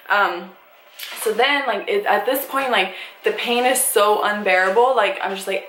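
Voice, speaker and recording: A young woman tells a casual storytime to her camera, animated and blunt, slipping into the voices of the people in her story. Her voice sits mid-range and bounces around a bare, echoey room with a faint hiss underneath. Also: medium pitch, normal speed. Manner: animated, swears freely, acts out quoted dialogue. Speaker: vlogger.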